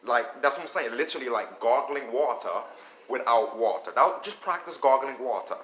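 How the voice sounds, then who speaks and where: A man's voice: mid-range voice, animated, moderate pace, a bit bright. A man giving a casual spoken beginner language lesson, talking loosely and often checking in with "okay?". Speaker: language teacher. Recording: echoey room with faint noise.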